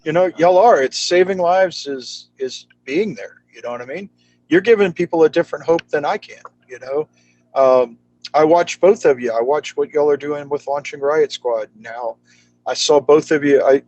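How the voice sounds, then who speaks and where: Animated man telling road stories. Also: a little high, low-quality recording. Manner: animated, slangy, acts out quoted people. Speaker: guest, charity founder. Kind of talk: casual storytelling chat.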